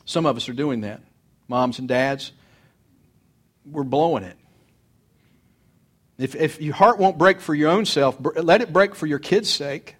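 A middle-aged pastor preaching a sermon, earnest, swinging between loud urging and soft confiding. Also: male voice, fairly high pitch, moderate pace.

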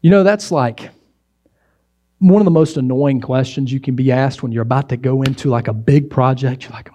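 A man preaching a sermon as pastor, conversational and animated, slipping into mocking voices when he quotes others. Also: mid-range voice, moderate pace.

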